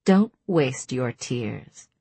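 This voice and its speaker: A woman's voice: expressive, very slow, gravelly, warm tone, breathy edge, no room sound, full character voice. A woman doing a purring, cruel faerie queen. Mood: menacing purr. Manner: low purring menace. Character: cruel seductive female faerie queen, taunting.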